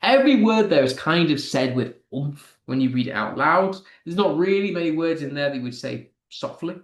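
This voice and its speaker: A man's voice: on the high side, expressive, normal speed, reverberant. A man teaching English with a British accent, explaining patiently with frequent ums and restarts. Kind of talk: online lesson.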